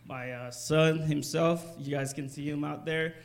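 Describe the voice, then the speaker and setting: A man in a church congregation giving a halting testimony with many pauses. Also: on the high side, steady tone, vocal fry. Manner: halting, full of pauses and fillers. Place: church sanctuary.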